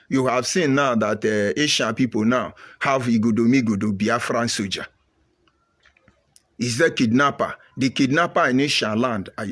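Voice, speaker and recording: A man's voice: medium pitch, slightly rough. A middle-aged man with a Nigerian accent, giving an impassioned, preachy monologue to viewers. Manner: emphatic, repetitive, preachy. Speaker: commentator.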